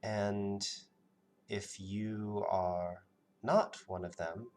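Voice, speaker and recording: A man voicing a guarded, cautious village woman in a tabletop role-play, hesitant and rushed in her speech. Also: fairly low pitch, little pitch movement, a little mellow, a little hiss or hum.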